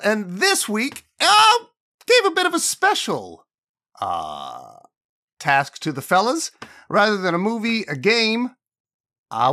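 A man's voice: sits high, fairly bright tone. A man hosting a casual podcast, joking playfully with his friends. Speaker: podcast host.

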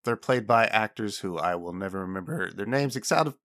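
Lively, bright-voiced podcast host. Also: male voice, lowish voice, a little fast. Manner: joking, playful, animated. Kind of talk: casual podcast chat.

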